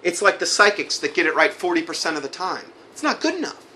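A man's voice: a little high, very animated, quick pace, pushed and bright, slight background noise. A man preaching fiery commentary, reading a letter aloud and then rebutting it with indignation. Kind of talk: sermon-style commentary read from a recording.

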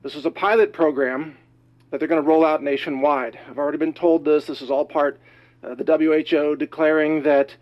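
A man delivering an urgent, alarmed news monologue, slightly out of breath, talking rapidly and emphatically. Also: fairly high pitch, level tone, highs cut off. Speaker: news commentator.

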